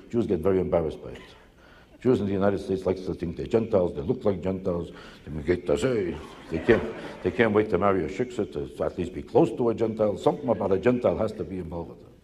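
A man's voice: low voice, mellow. Male stand-up comic, insistent and repetitive, on stage in an echoey hall before a live crowd. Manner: rapid, insistent, rhetorical questions and repetition. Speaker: stand-up comedian. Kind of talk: stand-up comedy routine.

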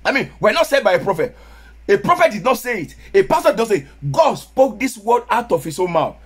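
A man with a Nigerian Yoruba accent, preaching a sermon as pastor, sometimes rising to shouts. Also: high-pitched, big pitch swings, fairly quick, husky.

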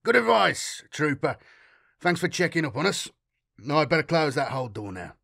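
A man voicing a gruff, pompous middle-aged freighter captain with a rough, sleep-heavy voice in an audiobook. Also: high-pitched, slow, sharp tone, voice pushed up, exaggerated voice. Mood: breezy. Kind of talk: audiobook character voice.

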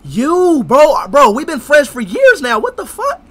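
Very high, wildly animated young man. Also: measured pace. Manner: loud, teasing, repetitive, shouting. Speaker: streamer. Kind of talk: loud casual game-stream banter.

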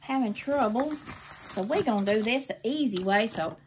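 A woman's voice: a little high, lively intonation, normal speed, darkish tone, slight background noise. An older woman, chatting effusively to her viewers while opening mail in a casual vlog. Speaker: craft vlogger.

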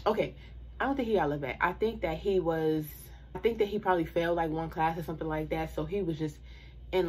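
A woman's voice: sits low, darkish tone, husky. A young woman telling a storytime to her viewers in a casual, slangy way, with asides and laughs.

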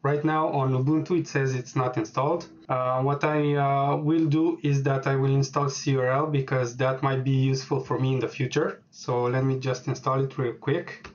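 A man walking through a software setup on screen, speaking hesitantly with many filler words as he types. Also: medium pitch, little pitch movement, normal speed, few pauses, dull audio, a little hiss or hum. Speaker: programming tutorial host. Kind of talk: screen-recorded software tutorial.

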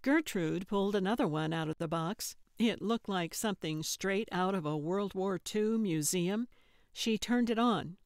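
A woman narrating an audiobook in a measured, even voice on a close studio mic. Her delivery is slow and her voice low with a gravelly texture. The recording is dry with no room sound. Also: dry recording. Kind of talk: scripted narration.

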